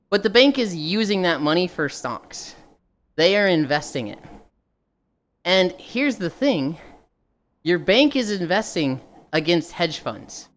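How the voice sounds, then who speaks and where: A young adult woman streamer ranting casually and profanely to her live chat. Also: medium pitch.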